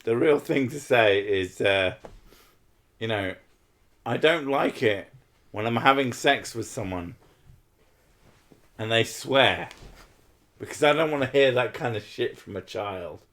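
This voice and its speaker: Crude, teasing drunk man with a lively voice. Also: mid-range voice, a little slow, pauses often. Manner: crude, teasing, laughs at his own jokes. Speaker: streamer. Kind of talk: drunk late-night stream chat.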